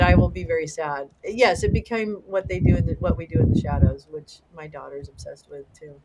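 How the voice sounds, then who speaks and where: Excitable, rambling middle-aged livestream host. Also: mid-range voice, very noisy. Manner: excitable, rambling, swears freely. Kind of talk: casual livestream chat with viewers.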